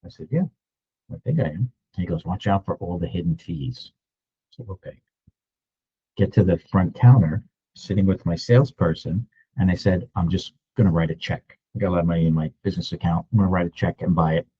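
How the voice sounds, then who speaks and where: A low-pitched man in his sixties tells a story in an easy, conversational way, slipping into other people's lines as he goes. His voice is warm and slightly husky. The recording sounds a bit dull and lo-fi. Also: brisk. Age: 60s. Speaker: real estate agent. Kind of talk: storytelling vlog.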